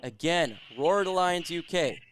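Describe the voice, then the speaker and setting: A man's voice: a little high, lively intonation, a little slow, fairly bright tone. Upbeat man hosting a live stream. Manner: hypes chat, reads super chats aloud. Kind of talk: casual live stream chat.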